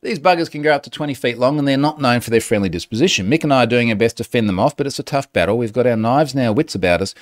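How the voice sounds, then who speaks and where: A man's voice: mid-range voice, expressive, rapid-fire, hardly any pauses, voice pushed up, close to an everyday voice. A man putting on a cheery Aussie bushman. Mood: breezy. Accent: put-on Australian. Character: cheery Australian bushman, adult male, breezy.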